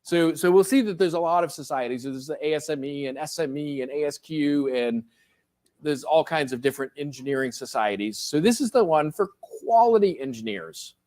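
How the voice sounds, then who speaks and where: A man's voice: on the high side, lively intonation, normal speed, a little mellow. Man lecturing a class, casual and joking. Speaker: professor.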